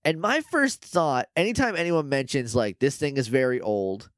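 A man in casual podcast chat, telling the story of an episode and slipping into quick, playful voices for the characters. His voice sits mid-pitch and is recorded close and dry, with no room sound around it. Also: expressive, a bit bright, no room sound. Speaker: podcast co-host.

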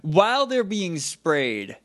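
Podcast cohost guy, super animated voice, keeps laughing and tossing in jokes. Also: high voice, slow pace. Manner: laughs often, chimes in with jokes. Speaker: podcast co-host. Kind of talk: casual chat.

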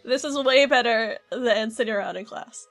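A woman's voice: on the high side, moderate pace, a bit bright, soft background music. A woman playing a tabletop role-playing game, chatty and full of fillers as she describes things. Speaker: player.

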